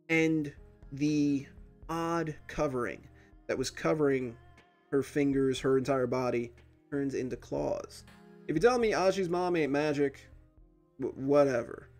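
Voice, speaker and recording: A man's voice: a little high, a little slow, soft background music. Casual man recapping an episode. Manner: animated retelling with fillers. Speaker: reaction video host.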